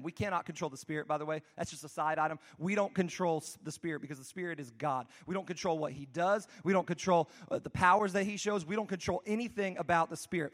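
A man's voice: a little high, quick pace, few pauses. A man preaching a conversational sermon, telling the story casually with frequent restarts and asides. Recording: long hall reverb.

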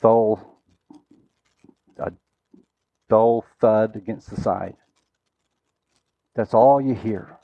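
A man preaching a sermon, telling a story dramatically and swinging from loud, urgent lines to hushed, quiet ones. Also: lowish voice, drawn-out words, vocal fry, pauses often, no echo, lo-fi sound.

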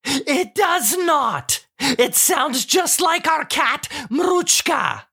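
A woman's voice: high-pitched, big pitch swings, very slow, creaky, sharp tone, heavily acted. A woman playing a sarcastic, teasing wife in a scripted comedy sketch, tossing off dry, mocking put-downs. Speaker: co-host of a comedy show.

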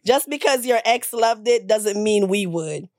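A woman co-hosts a casual podcast and reads through a list frankly, with a playful edge. Her pitch is in the middle range, and the sound is dry and close. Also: expressive, measured pace, a little mellow, dry recording. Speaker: podcast co-host.

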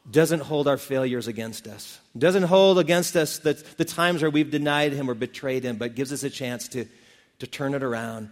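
A man's voice: medium pitch, long reverb tail. A male pastor preaching a sermon, retelling scripture stories in a casual, folksy way.

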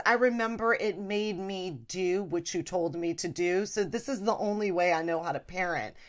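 A woman hosting a podcast, ranting about family life in a casual comedic way and slipping into a high, mimicking voice. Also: normal speed, hardly any pauses. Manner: animated, mimics her mother in a high voice. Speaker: podcast host.

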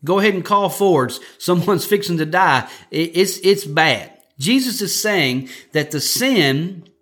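A man's voice: high-pitched, lively intonation, measured pace, fairly bright tone. A man preaching a conversational sermon for a podcast, joking and often repeating words as he restarts his sentences. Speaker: pastor.

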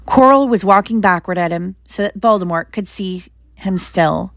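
A woman narrating a storybook aloud in an expressive storytelling manner. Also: on the low side, measured pace, no room sound. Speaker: reader. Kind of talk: audiobook narration.

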